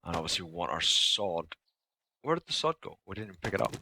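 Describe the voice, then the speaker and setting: A man streaming a survival game live, commenting excitably, swearing often and yelping when startled. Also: sits low, fast, noisy background.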